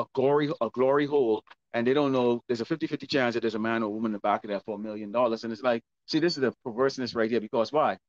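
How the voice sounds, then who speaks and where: A man preaching a sermon and reading scripture, asking rhetorical questions that he answers himself. He repeats words and keeps checking in with "okay?". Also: mid-range voice. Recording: dull lo-fi dry recording.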